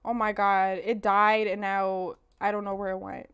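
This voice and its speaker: Woman doing lets play commentary, loud lively swearing, really bright clear voice, dry sound. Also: medium pitch, moderate pace, no echo, dull audio. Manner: animated, swears a lot, talks straight to viewers. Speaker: let's play host. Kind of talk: casual gameplay commentary.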